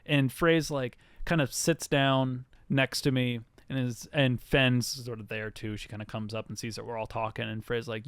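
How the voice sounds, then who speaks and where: A man's voice: medium pitch, steady tone, normal speed, clean tone, no room sound. A man co-hosting a podcast, casually retelling scenes in a rambling way, full of "like" fillers. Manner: rambling storyteller, many "like" fillers. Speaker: podcast co-host. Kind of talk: casual recap chat.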